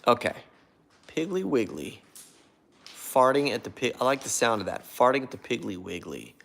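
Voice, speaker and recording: A man's voice: mid-range voice, sing-song, moderate pace, creaky, fairly bright tone. A man hosting a casual live stream on his phone, chatting and reading viewer comments aloud. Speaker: prank video host.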